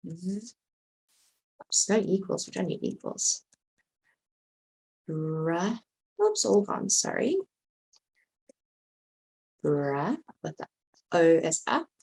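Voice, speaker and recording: Woman teacher, unhurried, spells aloud patiently. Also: mid-range voice, very animated, gravelly, a little mellow, poor audio. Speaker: English teacher. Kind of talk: slow, careful vocabulary lesson.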